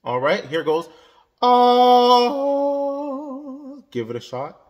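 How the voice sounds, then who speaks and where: Speaking fairly quickly at a medium pitch, a man runs a singing lesson as a voice coach. He explains the exercises instructively and demonstrates vowels, both sung and yodeled.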